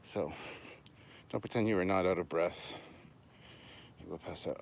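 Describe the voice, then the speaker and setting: A man's voice: low voice, a little slow, vocal fry, a little hiss or hum. A man hosting a live stream while out walking at night, chatting casually with viewers and a little out of breath. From Canada. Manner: chatty, self-deprecating, answers viewer questions. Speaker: channel host. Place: outdoors at night, on a walk.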